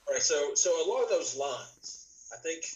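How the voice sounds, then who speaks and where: A man's voice: on the high side, sing-song, normal speed, a little mellow, rough recording. A man who is a guest musician on a podcast, easygoing and a little hesitant in casual chat.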